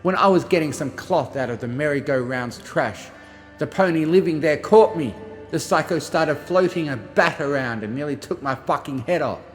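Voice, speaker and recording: A man narrating a first-person journal as an audiobook, reading expressively and shifting between gruff and frightened delivery. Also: a little high, moderate pace, long reverb tail, soft background music. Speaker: audiobook reader.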